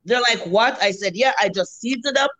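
Her voice on the high side and quick, a fifty-something Jamaican cook recounts restaurant stories with gusto, playing her customers and swearing freely in a casual interview. The sound is lo-fi, with no echo.

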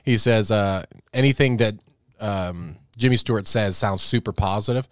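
A man in a casual podcast chat, animated and goofy, quick to slip into voices. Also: fairly low pitch, dry recording, clean studio sound.

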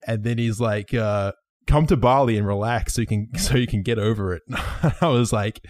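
A man's voice: fairly low pitch, normal speed, darkish tone, no echo, clean studio sound. A young man hosting a casual podcast with friends, telling a story with lots of swearing and laughter. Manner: swears a lot, laughs while telling stories. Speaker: podcast host.

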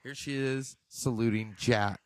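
A man's voice: medium pitch, fairly even intonation, measured pace, dry recording. A male podcast host chatting casually and teasing listeners to guess who he means.

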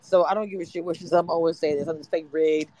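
A tired caller from Louisiana or Texas talks bluntly and jokes about not caring. The voice sits at a middle pitch on a phone line. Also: steady tone, quick pace, mellow. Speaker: caller in a live audio chat. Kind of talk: casual reality-show reaction.

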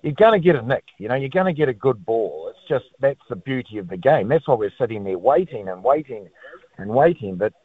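A New Zealand man calls a sports radio show over a tinny phone line. His pitch jumps around a lot as he rambles on in an excitable, slangy way. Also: fairly quick, husky. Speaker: caller. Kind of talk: phone-in chat.

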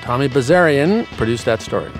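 A man's voice: mid-range voice, animated, fairly quick, over music. A man hosting a public radio show, delivering polished scripted links and introductions. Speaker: radio host.

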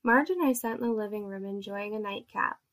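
A woman narrating an erotic story in a steady, measured reading voice. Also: medium pitch.

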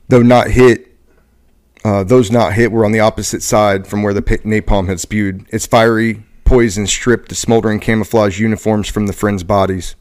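A man hosting a podcast who reads a book passage aloud at a steady pace, now and then stumbling and correcting himself. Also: fairly low pitch, moderate pace. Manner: steady reading with occasional stumbles and self-corrections. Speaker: podcast host.

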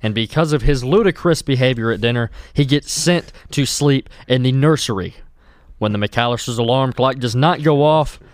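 A man's voice: medium pitch, dry recording, clean studio sound. A young man hosting a podcast, reading a silly fill-in story aloud with a mock announcer delivery and frequent laughter. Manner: laughs often, breaks off mid-sentence. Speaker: podcast host reading a Mad Libs story.

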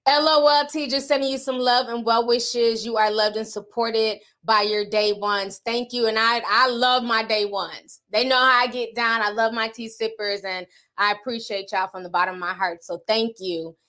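Woman host, high and bright, sassy and animated. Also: moderate pace. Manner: sassy, animated, calls viewers sis and honey. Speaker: podcast host reading super chats. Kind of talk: casual livestream chat.

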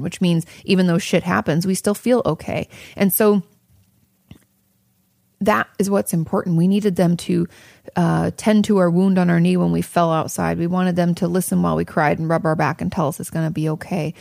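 A woman's voice: lowish voice, gravelly, a little mellow, dry recording, studio quality. A woman therapist hosting an advice podcast, talking candidly and casually, swearing freely and drifting into tangents.

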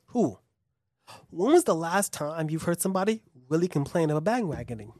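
A man's voice: on the high side, very animated, brisk, darkish tone, dry recording, studio quality. A young man in casual chat, rambling and swearing with many restarts while he tells a story. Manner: rambling and profane, many restarts, acts out quotes.

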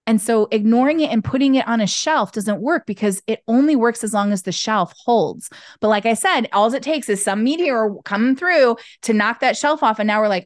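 A woman guest talking candidly in an interview over a video call, expressive and acting out the voices she quotes. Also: fairly high pitch, moderate pace, dry recording, studio quality. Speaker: podcast guest, intuitive business owner. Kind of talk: candid conversational interview talk.

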